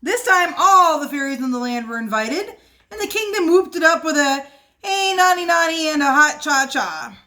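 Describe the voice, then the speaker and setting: A woman reads a kids' picture book for library storytime from home, keeping it playful and expressive. She speaks in a high voice at a moderate pace.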